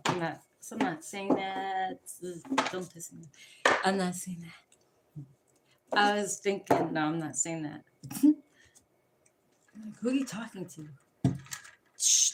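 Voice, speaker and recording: A woman's voice: fairly low pitch, heavy background noise. A woman giving a casual, rambling tarot reading. She swears freely and jumps from one topic to the next. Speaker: tarot card reader. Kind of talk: rambling casual livestream chat.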